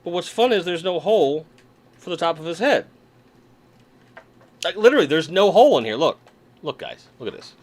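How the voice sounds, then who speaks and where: A man's voice: a little high, big pitch swings, a little fast, long pauses. Chatty man hosting a toy stream. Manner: chatty, joking, talks to viewers. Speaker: livestream host. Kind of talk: casual livestream chat while unboxing toys. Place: home room at a desk.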